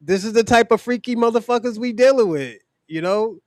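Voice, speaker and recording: A man's voice: very high voice, fairly quick, darkish tone, dry recording, clean studio sound. A man hosting a podcast who gives blunt, profane opinions in casual talk and speaks straight to his co-hosts. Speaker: podcast host.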